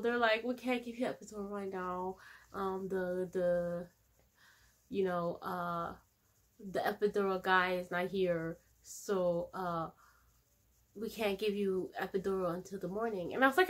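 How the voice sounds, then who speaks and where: A young woman, telling a personal story in a casual vlog, candid and animated, often laughing and acting out her own pleas. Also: mid-range voice, a little slow. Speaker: vlogger.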